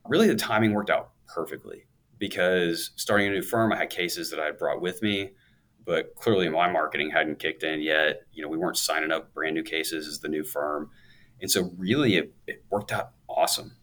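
With an extremely low yet slightly bright voice at a normal speed, the man shares his story as a guest on an interview show. He's in his thirties, owns a law firm, and keeps things upbeat and chatty, laughing here and there.

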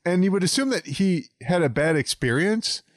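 A man's voice: high voice, moderate pace, dry recording. Guy cohosting a podcast, laughs a lot, bouncy up-and-down voice, super dry mic. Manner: animated, laughs often, mocking asides. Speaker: podcast co-host. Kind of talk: casual comedic movie review chat.

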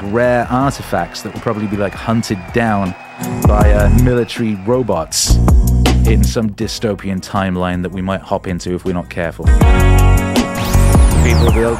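Sarcastic ranting man over loud music. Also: lowish voice, normal speed. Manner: sarcastic, animated, swears, mimics voices. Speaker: stream host. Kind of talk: casual ranting stream talk.

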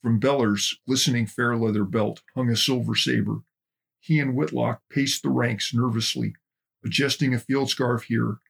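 Guy narrating a documentary, steady and measured, raspy with some fry. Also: medium pitch. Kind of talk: documentary narration with book readings.

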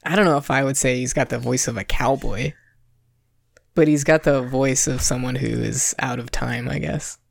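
A young adult man co-hosts a podcast, chatting casually and rambling about a movie with plenty of fillers. His voice is mid-range, steady, and creaky at a moderate pace, captured with studio quality and no room sound.

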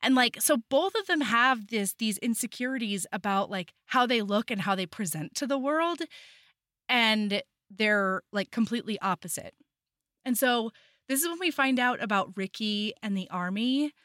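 Bright-voiced woman gushing about a book on a podcast, kinda high, dry close mic. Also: expressive, moderate pace, no echo. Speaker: podcast co-host. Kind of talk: casual book recap chat.

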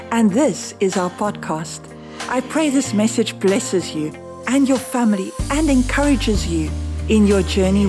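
A woman pastor, preaching a podcast sermon and reading scripture in an earnest, emphatic way that slows down to stress words. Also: mid-range voice, a little mellow, breathy edge.

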